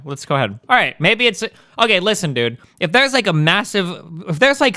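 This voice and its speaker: A man's voice: a little high, pushed and bright, dry recording, studio quality. A male streamer delivering profane, combative and sarcastic commentary at a desk mic. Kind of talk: ranting commentary.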